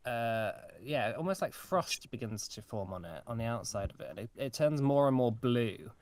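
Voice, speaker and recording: A man narrating a tabletop game as game master, with many pauses and fillers. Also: mid-range voice, animated, darkish tone, a little hiss or hum.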